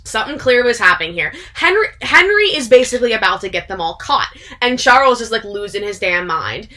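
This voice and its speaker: A woman's voice: a little high, big pitch swings, brisk, sharp tone. A young woman casually retelling a story to a friend, chatty and full of "like" and swearing, laughing often. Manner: frequent laughter. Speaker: video creator.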